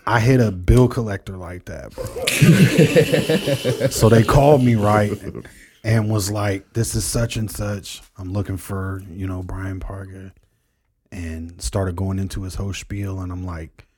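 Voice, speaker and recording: A man in casual chat, telling stories in a relaxed way and laughing often. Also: low voice, a little slow, a crowd in the background. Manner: laid-back storyteller, laughs often.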